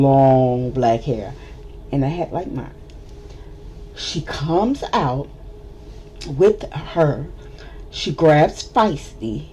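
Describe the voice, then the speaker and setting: A woman's voice: low voice, a little hiss or hum. A woman telling a story to the camera in a casual storytime vlog, acting out the people involved. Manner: animated storyteller, acts out the other people. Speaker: vlogger.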